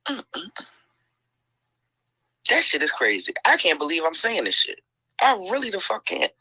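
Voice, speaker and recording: A woman's voice: lowish voice, huge pitch swings, measured pace, long pauses, pushed and bright, slightly rough, no echo, poor audio. A woman hosting a livestream, talking in heated commentary with lots of swearing, sighs and "mm-mm"s. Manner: profane, exclaiming, lots of sighs and mm-mm.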